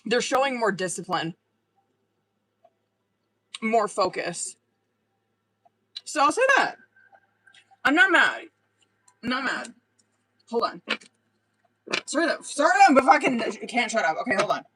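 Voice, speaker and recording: A woman's voice: a little high, sing-song, a little slow, long pauses, fairly bright tone, slightly rough, rough recording. A woman reading tarot on a live stream, talking casually with lots of swearing and fillers. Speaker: tarot reader.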